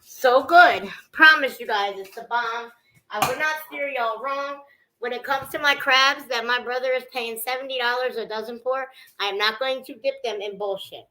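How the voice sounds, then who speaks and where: A woman's voice: on the high side, fairly even intonation, moderate pace, sharp tone, roomy sound. A woman hosting a casual livestream from her home, chatting loosely and cursing now and then. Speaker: livestream host. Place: at home indoors.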